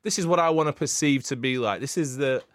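A man co-hosting a podcast, telling animated stories with frequent laughter in casual chat. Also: mid-range voice, fast talker, no room sound, studio quality. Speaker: podcast co-host.

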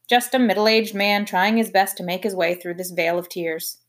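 A woman's voice: medium pitch, little pitch movement, moderate pace, close to an everyday voice. A woman doing a drowsy middle-aged pastor. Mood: drowsy, bemused. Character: sleepy, mild middle-aged male pastor.

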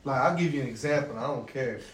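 Quick and mid-range in voice, a man chats profanely on a podcast about his relationship, animatedly acting out what his partner said. Faint noise and a roomy echo sit behind him.

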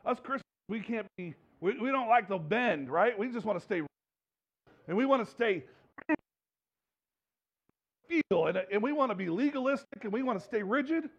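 A man's voice: high-pitched, animated, moderate pace, long pauses, husky, lo-fi sound. A man preaching a sermon to his congregation in a conversational way, often repeating and restarting his words. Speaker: pastor. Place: church sanctuary with congregation.

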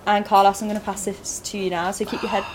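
A woman hosting a blind taste challenge, giggly and quick to exclaim. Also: mid-range voice, little pitch movement, noisy background. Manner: giggly, exclaims loudly at bad smells. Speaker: host running a taste challenge. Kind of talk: lively hosting. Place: pub. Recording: busy pub with chatter behind.

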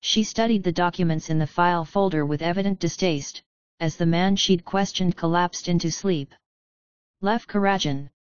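Woman reading a story aloud, smooth lowish voice, dry kinda muffled sound. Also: steady tone, normal speed, dry recording. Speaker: audiobook narrator. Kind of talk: scripted narration of a fan story. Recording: dry, slightly dull lo-fi recording.

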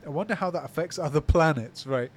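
A man co-hosting a casual podcast, reading listener comments aloud and reacting with quick, animated quips. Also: fairly high pitch. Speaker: podcast co-host.

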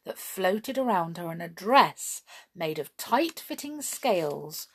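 A woman narrates a children's storybook with a soft, breathy voice. She reads at an unhurried pace and lets her pitch rise and fall expressively. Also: big pitch swings.

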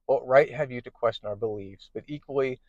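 A man reading the lines of a stern, proud male alien religious leader in a measured, solemn way. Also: medium pitch, darkish tone, no room sound, dull audio, natural voice.

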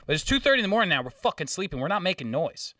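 A man's voice: sits high, very fast, dry recording, studio quality, distant mic. A man telling a story in casual chat, swearing freely and acting out the quotes. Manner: profane, animated storytelling with acted-out quotes.

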